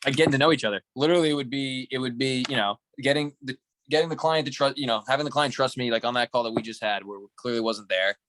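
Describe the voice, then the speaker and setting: Fast, hesitant male sales trainee. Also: mid-range voice, fairly even intonation, a bit bright, no room sound. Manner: hesitant, halting with restarts. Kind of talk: coaching call.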